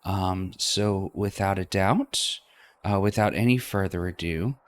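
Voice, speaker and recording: Slow, hesitant man hosting a let's play. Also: sits low, slight background noise. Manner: hesitant, many fillers. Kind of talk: casual video intro.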